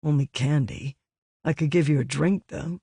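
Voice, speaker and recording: Man doing a calm, kindly American man. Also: a little high, normal speed, vocal fry, slightly rough, dry recording. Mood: gentle. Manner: patient, gentle.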